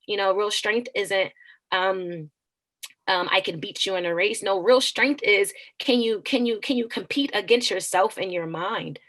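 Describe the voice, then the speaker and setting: Bright-voiced earnest woman teacher. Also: mid-range voice, unhurried. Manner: earnest, animated, preaching tone with frequent restarts. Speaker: teacher and author, guest. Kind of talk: conversational interview.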